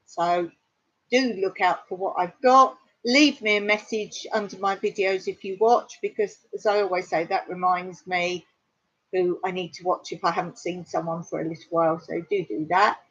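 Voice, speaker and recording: A woman's voice: fairly low pitch, fairly even intonation, moderate pace. An Englishwoman hosting a casual live-stream chat, telling stories, laughing often and mimicking how others pronounce words. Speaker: livestream host. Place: home in rural Cyprus. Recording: dull lo-fi sound.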